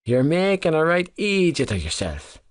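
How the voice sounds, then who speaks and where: A man's voice: on the high side, huge pitch swings, moderate pace, voice pushed up. A man voicing a laid-back young male rugby player who speaks in a lazy drawl in an audiobook. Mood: dismissive. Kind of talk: audiobook character voice.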